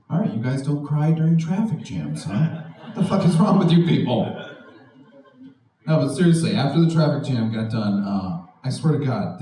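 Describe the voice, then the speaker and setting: A young man doing a stand-up comedy set, animated, often jumping into high mocking voices for the people he quotes. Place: art house venue with live audience. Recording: echoey room, distant mic, faint noise. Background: audience laughter.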